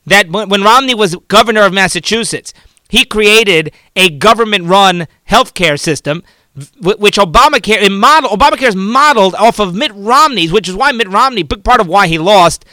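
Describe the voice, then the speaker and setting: A man's voice: high-pitched, moderate pace, sharp tone, no echo. A man hosting a political talk show, giving fervent, rambling commentary and often repeating and restarting his words.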